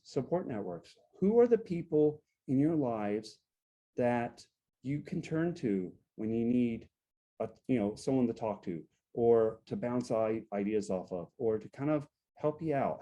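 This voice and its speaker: A man giving a workshop talk to a support group, explaining step by step, checking in often with "right?", and acting out sample phrases. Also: medium pitch. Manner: acts out sample phrases to show a calm and an angry tone. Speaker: guest speaker on relationships.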